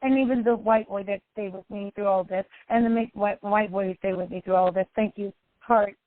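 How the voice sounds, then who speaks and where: A woman's voice: steady tone, brisk, no room sound, phone-quality sound. A woman life coach talking personally to her followers, emotional and repetitive. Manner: emotional, repetitive, sometimes cries out high.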